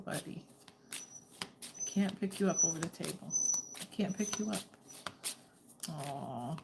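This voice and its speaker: A woman's voice: low voice, expressive, takes it slowly, vocal fry, long pauses, background noise. A woman giving a casual, chatty tarot reading, often breaking off to coax her dog over. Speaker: tarot reader.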